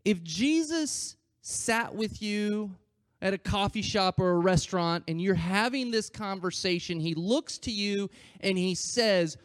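A man preaching a sermon, acting out scripture quotes in a conversational way and swinging between loud emphasis and quiet asides. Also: high voice, measured pace, smooth, no echo. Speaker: pastor.

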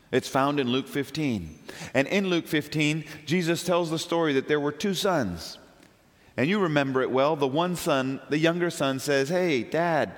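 A man preaching a youth sermon, casually retelling Bible stories in everyday slang and shifting between excited calls and hushed storytelling. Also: medium pitch, big-room sound.

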